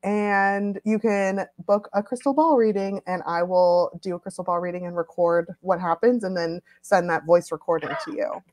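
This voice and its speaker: A woman's voice: on the low side, fairly even intonation, normal speed, hardly any pauses, a little mellow. A young woman, a podcaster and author, telling a rambling story on a casual live stream and breaking into laughter often.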